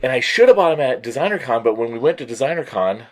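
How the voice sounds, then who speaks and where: Animated, stuffy-voiced man telling a story. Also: mid-range voice, quick pace. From Colorado. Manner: animated storytelling, mimics others. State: congested from allergies. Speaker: toy show co-host. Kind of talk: casual chat.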